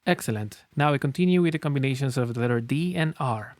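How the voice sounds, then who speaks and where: Sounding out letters and words for learners to echo back, this male language teacher drills pronunciation slowly and patiently in a phonics lesson. His own delivery is animated and quick at a medium pitch, with no echo, in a dry close recording with faint music.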